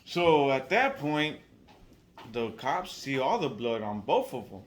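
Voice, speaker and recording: A man casually telling a wild story, profane and animated, acting out the people he quotes. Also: medium pitch, slow pace, slight background noise.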